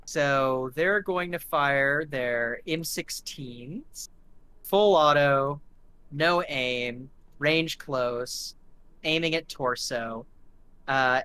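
A man's voice: fairly high pitch, lively intonation, slow pace, bright, forceful tone, a little hiss or hum. Man running a tabletop game, gory narration. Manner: vivid, gory scene-setting with many fillers. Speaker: game master.

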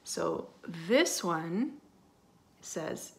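A woman reads a children's picture book aloud as a teacher would, stopping now and then for warm, chatty asides to her young listeners. Her voice is bright and crisp, and her pitch sits in the middle range. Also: normal speed. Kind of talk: storybook read-aloud for children.

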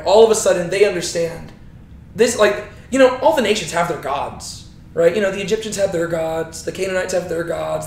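A man's voice: sits high, slight background noise. A man teaching a Bible lesson, telling the story with animation and often checking in with "right?". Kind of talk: teaching talk. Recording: roomy echo.

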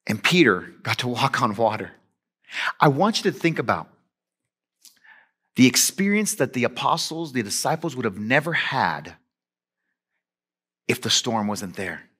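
A man preaching a sermon as pastor, conversational and animated, swinging between emphatic and hushed delivery. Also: mid-range voice, unhurried, pauses often, slightly rough.

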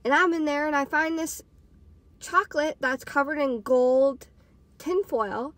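A woman in her twenties, a podcaster and storytime vlogger, tells a casual, rambling tale stuffed with "like" fillers. Her voice sits high and a bit bright, her pace is unhurried, and the recording is dry.

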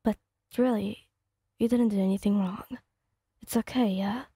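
A woman softly voicing a gentle cheerful young man. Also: medium pitch, fairly even intonation, normal speed, slightly rough, dry recording, studio quality. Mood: reassuring.

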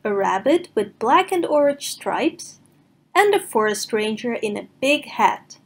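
A woman narrating a picture book aloud for preschoolers in a slow, sing-song manner. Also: a little high, sing-song. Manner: slow, sing-song reading for small children. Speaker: storybook reader. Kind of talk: children's read-aloud narration.

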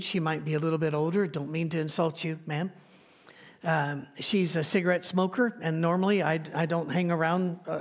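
High-voiced pastor telling folksy stories. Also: male voice. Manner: folksy storytelling with asides and light humor. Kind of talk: conversational sermon. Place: church.

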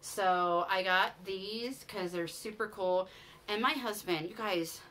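A woman's voice: medium pitch, slow, bright, forceful tone, slight background noise. A woman, chatting casually to camera about things she bought, gushing and sentimental. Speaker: vlogger. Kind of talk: casual haul chat to camera.

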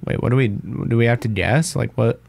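A man's voice: mid-range voice, brisk, creaky, darkish tone. A young man playfully trading mock insults with his friend while they play a party video game. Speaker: let's play co-host. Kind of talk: casual gaming banter. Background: game music.

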